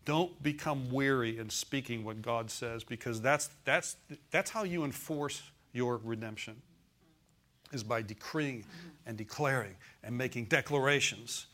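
A man delivering a sermon in an easy, conversational manner, pitched in a comfortable middle range. He mixes homespun humor with earnest repetition and keeps drawing the congregation in with quick calls for an amen. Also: fairly bright tone. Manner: conversational preaching, asks congregation for amens; folksy humor, repeats phrases for emphasis. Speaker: pastor.

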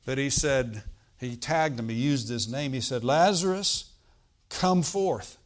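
A man preaching a sermon, reading scripture aloud and explaining it, swinging from loud bursts to quiet asides. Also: mid-range voice, normal speed. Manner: animated preaching, bursts loud on quoted lines then drops quiet; reads old-style scripture, asides with "all right?".

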